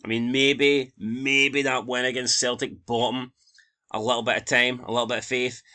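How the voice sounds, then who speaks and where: A man's voice: medium pitch, little pitch movement, moderate pace, pushed and bright. A Scottish man hosting a football channel, bluntly and exasperatedly reading out and reacting to viewer comments, with frequent swearing.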